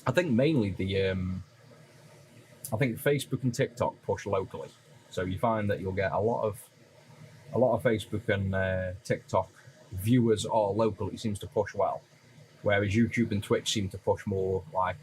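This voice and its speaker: Stoke lad with a deep voice, rambly relaxed chat with viewers, soft hiss behind. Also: male voice, normal speed, rough recording. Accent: Stoke-on-Trent (Potteries). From Stoke-on-Trent, England. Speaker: streamer repairing retro consoles. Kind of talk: casual live-stream chat while soldering.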